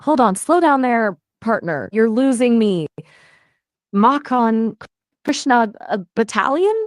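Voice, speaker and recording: A synthetic-sounding woman's voice as an AI conversation partner, upbeat and playful, with lively jumps in pitch. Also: slow, dry recording, studio quality. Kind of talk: chatty voice assistant conversation.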